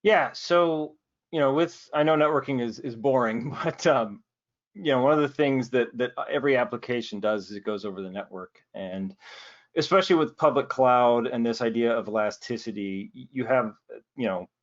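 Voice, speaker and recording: A man giving a casual, joking technical demo over a video call, often tossing in a quick "right?". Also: mid-range voice, lo-fi sound. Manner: easygoing, joking, peppers speech with "right?". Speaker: presenter.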